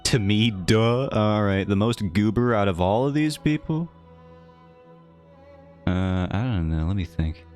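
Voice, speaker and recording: Male streamer, very low voice, loose rambling banter with chat, faint music under it. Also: expressive, unhurried, pauses often, darkish tone. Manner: rambling, playful and self-mocking. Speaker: livestreamer. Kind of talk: casual chat with a live chat.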